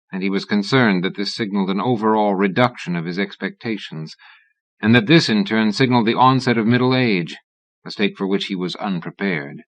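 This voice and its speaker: Low-voiced male audiobook narrator. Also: dry recording.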